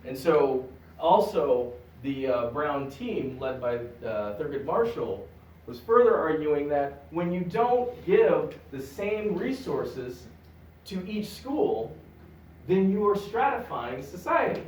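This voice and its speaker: A man giving a public lecture at a library, animated and joking with the audience. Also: fairly high pitch, slow, slight background noise. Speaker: guest lecturer. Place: public library meeting room. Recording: echoey room, recorded from a distance.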